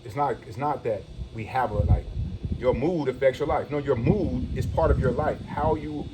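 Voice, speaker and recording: A man's voice: mid-range voice, normal speed. Man talking earnestly over noisy hiss. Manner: earnest, reassuring, loose and profane. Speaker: host. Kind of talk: casual one-on-one conversation.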